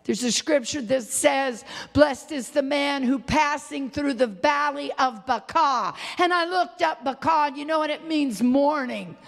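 A middle-aged woman preaching a sermon, swinging from loud impassioned cries to hushed, low, tearful tones. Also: unhurried, gravelly, hardly any pauses, long reverb tail. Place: church sanctuary.

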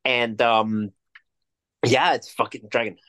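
A male co-host chats loosely on a podcast, swearing a lot and leaning hard on his points. His voice sits at an ordinary middle pitch, and his delivery is rambling and emphatic. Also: steady tone, takes it slowly, fairly bright tone. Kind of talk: casual chat.

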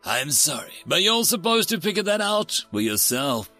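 A man voicing Death, a patient reaper who speaks in a measured, gently apologetic way. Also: on the high side, sing-song, soft background music. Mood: solemn. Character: Death, calm solemn reaper of all beings.

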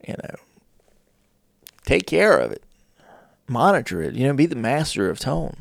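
A man hosting a casual advice talk, with deliberate pauses and playful shifts of tone. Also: medium pitch, big pitch swings, creaky. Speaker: host.

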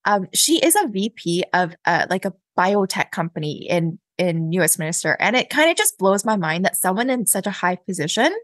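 A woman, a podcast guest, recounting a personal story in a chatty, animated way with many fillers and laughs. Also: on the low side, normal speed, hardly any pauses, no room sound. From Canada. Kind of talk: casual interview storytelling.

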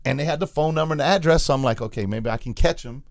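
Gravelly guy hosting a podcast, dry close mic, animated storyteller. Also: on the high side, racing, dry recording. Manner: animated storyteller, acts out quotes. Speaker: podcast host. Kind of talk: casual storytelling chat.

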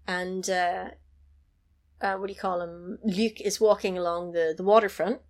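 A woman recounting a film to a friend in an easy chat. Her telling is animated and full of asides, with the odd swear word and a quick laugh. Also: fairly low pitch. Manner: animated storyteller who swears and laughs easily. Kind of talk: casual chat, retelling a film.

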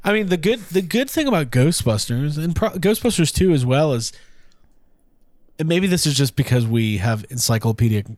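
A man's voice: on the high side, lively intonation, normal speed, darkish tone, no echo, clean studio sound. A man guest co-hosting a podcast, talking enthusiastically in a rambling, casual way. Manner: enthusiastic, rambling, restarts mid-thought. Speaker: guest co-host. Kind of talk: casual chat.

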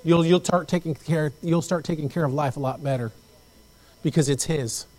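A man preaching a sermon as pastor, telling stories with lively acted-out voices and repeating phrases as he goes. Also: on the high side, normal speed, soft background music, low-quality recording. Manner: animated storytelling, acts out quoted voices. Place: church.

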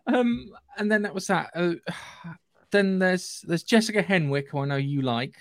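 A man from Surrey with a southern English accent, co-hosting a casual podcast chat about films, animated, sweary and acting out scenes. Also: high-pitched, unhurried, no echo, clean studio sound. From England, Surrey area. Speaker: podcast co-host.

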